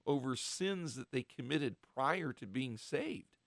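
Male radio Bible teacher, gravelly tone, dry close mic, earnest and halting. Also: medium pitch, expressive, fairly bright tone, dry recording. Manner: earnest, halting, with many restarts and fillers; acts out short quoted voices of the devil and apostles.

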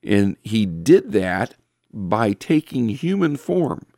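A man delivers a sermon in a lowish voice, earnest and unhurried, stopping for fillers and restarts as he quotes scripture. The recording is dry and close, with almost no room sound. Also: very animated, creaky, mellow, no room sound. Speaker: preacher.

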